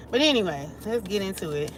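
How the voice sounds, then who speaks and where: A woman's voice: medium pitch, slight background noise. A woman doing a casual tarot reading, talking loosely and laughing often as she goes. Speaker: tarot reader.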